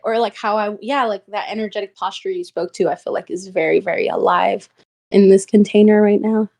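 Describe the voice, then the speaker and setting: A woman's voice: medium pitch, steady tone, fairly quick, gravelly, darkish tone. A woman in a book club discussion, sharing her thoughts casually with many fillers. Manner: casual, filler-heavy speech.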